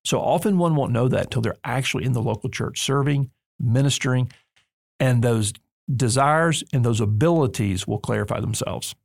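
A man's voice: medium pitch, moderate pace, creaky, no room sound. A man hosting a podcast in a studio, talking in an emphatic, earnest way with touches of humor. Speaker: podcast host and seminary leader. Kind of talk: conversational podcast discussion.

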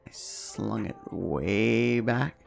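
A man co-hosting a podcast, telling a profane, animated story in casual chat and acting out the voices. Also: on the low side, very slow, creaky, faint music behind. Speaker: podcast co-host.

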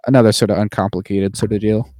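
A man's voice: lowish voice, fairly even intonation, fast, dark tone, no room sound, clean studio sound. A man co-hosting a podcast, casually recapping a movie with lots of fillers and the odd mocking put-on voice. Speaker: podcast co-host. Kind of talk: casual chat.

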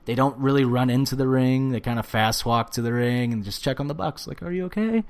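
A man co-hosting a casual wrestling podcast, ranting and swearing with animated bursts of shouting. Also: mid-range voice, a little fast. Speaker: podcast co-host. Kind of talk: casual wrestling recap chat.

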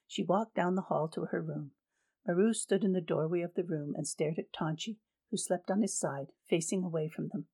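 A woman narrating a novel in a steady, even reading voice. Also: on the low side, slightly rough. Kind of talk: storybook reading.

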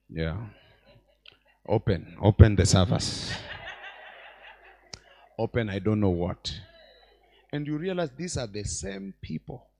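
A man preaching a sermon in church as bishop, swinging between loud exclamations and quiet asides. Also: lowish voice, creaky. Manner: animated preacher, mixes shouts with quiet asides.

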